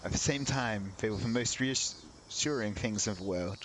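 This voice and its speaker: A man's voice: on the low side, moderate pace, fairly bright tone, rough recording. Male let's-play host reading story text aloud, casual wry asides, faint background hiss. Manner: reads narration, breaks off into wry comments.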